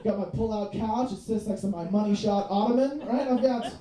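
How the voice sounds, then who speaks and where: A man's voice: high voice, a little fast, mellow. A young man performing stand-up comedy in a small club, loose and profane, padding his jokes with fillers like "you know what I mean". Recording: echoey club from a distance.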